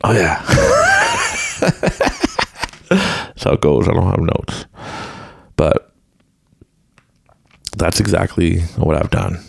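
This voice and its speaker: A man's voice: low voice, big pitch swings, slow, creaky, long pauses, husky, no room sound, clean studio sound. A man hosting his own podcast, giving an unscripted motivational talk and laughing often. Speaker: podcast host. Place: room at home with a mic.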